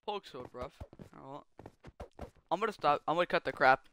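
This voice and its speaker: A young man chatting casually on a gaming livestream, joking and rambling with quick laughs. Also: a little high, animated, pushed and bright, slight background noise. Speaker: streamer.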